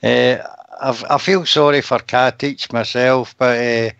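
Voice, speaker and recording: A man co-hosting a fan radio show, relaxed and matter-of-fact. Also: mid-range voice, measured pace, creaky, clean tone, no echo. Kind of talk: casual radio chat. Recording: dry muffled stream audio.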